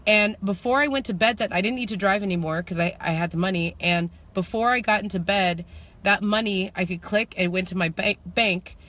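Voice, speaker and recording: The speaker is a spiritual manifestation coach, a woman whose mid-range voice carries a personal vlog story. She moves back and forth between slow, contemplative moments and bursts of fast excitement that escalate into shouting, laughing animatedly along the way.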